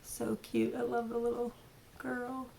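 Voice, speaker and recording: Chatty woman with a gravelly voice. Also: fairly high pitch, flat delivery, a little slow, mellow, slight background noise. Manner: chatty, rambling with many fillers and self-corrections. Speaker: cross-stitch channel host. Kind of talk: casual show-and-tell chat.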